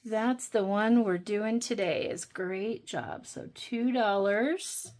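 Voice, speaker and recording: A woman's voice: mid-range voice, takes it slowly, a little mellow. A woman hosting a budgeting channel, chatting casually and thinking aloud while she counts and scratches off savings challenges.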